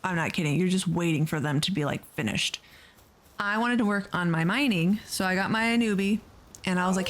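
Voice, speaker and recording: Chatty, excitable woman gaming host. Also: on the low side, fairly quick. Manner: chatty and excitable, gushing over creatures. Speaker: let's play host. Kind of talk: casual gameplay commentary.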